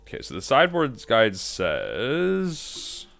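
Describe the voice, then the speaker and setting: A man's voice: mid-range voice, wildly swooping pitch, slow, vocal fry, a bit bright, soft background music. A man streaming a card game, thinking aloud in rambling self-talk as he plays. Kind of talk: live-stream gameplay commentary.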